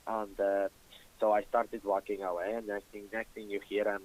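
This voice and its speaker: Pria, bahasa ibu Rusia, penelepon, bahasa Inggris patah-patah, bersemangat, suka mengumpat. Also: male voice, fairly low pitch, moderate pace, low-quality recording. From Russia. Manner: broken English, excitable, swears, acts out shouting voices. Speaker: caller. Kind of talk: storytelling on a call-in show.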